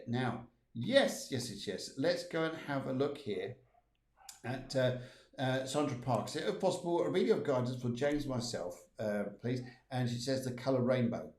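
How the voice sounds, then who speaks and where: A man's voice: medium pitch, mellow, reverberant. A man hosting a live stream as a medium, relaying messages from spirits with many fillers and repeated phrases. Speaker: medium giving readings.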